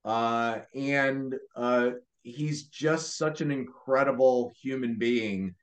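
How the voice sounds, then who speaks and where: A man speaking as a podcast guest, earnest and a bit halting as he chats. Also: mid-range voice. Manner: earnest, hesitant with repeated starts. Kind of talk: conversational interview.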